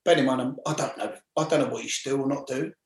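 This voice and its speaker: A man's voice: mid-range voice, fast talker, roomy sound, rough recording. A man in his forties with a London accent, a former footballer telling stories as an interview guest and acting out the people he quotes. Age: 40s. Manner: animated, acts out quoted voices. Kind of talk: casual storytelling.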